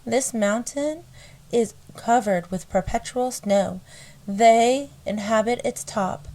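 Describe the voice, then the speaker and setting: A woman voicing a male missionary reverend reading his letter, in a put-on American country drawl, slow and deliberate. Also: a little high, mellow. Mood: earnest.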